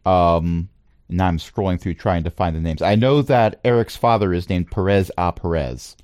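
A man narrating a tabletop game as its game master, relaxed and playful, with frequent ums and asides. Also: low-pitched, moderate pace, no room sound, studio quality.

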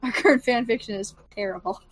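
Giggly woman on a podcast, pretty high voice, just chatting. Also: fast, husky, no room sound. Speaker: podcast co-host. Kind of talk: casual chat.

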